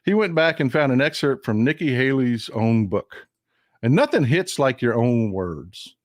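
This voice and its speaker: A man talks casually to his viewers, chatty and quick to laugh as he reads their comments aloud. His pitch sits in an ordinary middle range, and the sound is dry and close, with little room echo. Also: animated. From United States. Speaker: live stream host.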